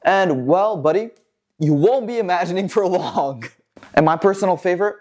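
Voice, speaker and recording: A man's voice: high-pitched, normal speed, a little mellow. A man hosting a car news vlog, talking in a jokey, sarcastic, casual commentary style. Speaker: host of a car news show.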